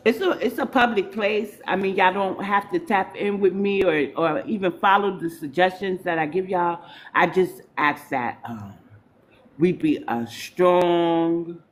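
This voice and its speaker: A woman's voice: low-pitched, a little hiss or hum. A woman from New York hosting a live stream, talking in a loose, informal, chatty way to her viewers. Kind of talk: casual live stream chat.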